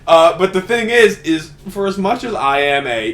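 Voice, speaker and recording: A man's voice: high voice, expressive, normal speed, few pauses, a bit bright. Swearing young man rambling through stories. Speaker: podcast co-host. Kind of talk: casual podcast chat.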